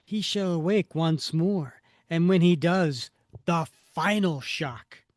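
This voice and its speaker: A man's voice: a little high, slow pace, dry recording, studio quality. A man voicing a grand male villain giving orders, read from a comic as a dramatic performance. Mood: commanding. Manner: commanding, theatrical.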